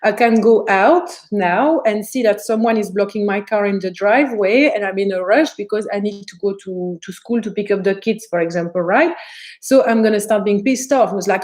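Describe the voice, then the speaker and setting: A woman spiritual teacher talks to her live-stream viewers in a loose, chatty way. She is animated and acts out the thoughts running through her head. Her voice sits at a middle pitch. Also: normal speed. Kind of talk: live-stream talk answering viewer comments.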